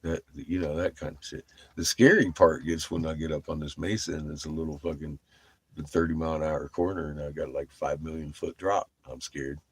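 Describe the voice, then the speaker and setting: A deep-voiced middle-aged man with a husky, slightly rough tone tells a loose, rambling story about his trip. He swears freely and keeps breaking into laughter as he talks. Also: steady tone, fairly quick, no room sound. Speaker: vlogger. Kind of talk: casual storytelling.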